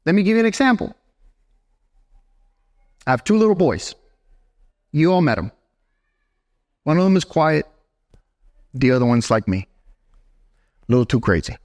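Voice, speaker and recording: Animated high-voiced male preacher. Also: moderate pace, pauses often. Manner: animated preaching, talks straight to the congregation with frequent "right?". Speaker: pastor. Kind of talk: sermon. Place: church sanctuary.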